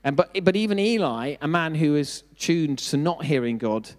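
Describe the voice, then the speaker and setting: A man's voice: fairly high pitch, lively intonation, normal speed, darkish tone. A middle-aged man preaching a sermon, speaking conversationally with self-deprecating asides and questions put to the congregation. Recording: long hall reverb.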